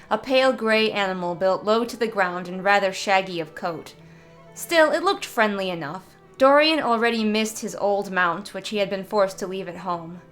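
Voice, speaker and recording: Woman narrating a fantasy tale, steady and measured, faint music under it. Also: medium pitch. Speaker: story reader. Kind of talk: reading a fantasy short story aloud.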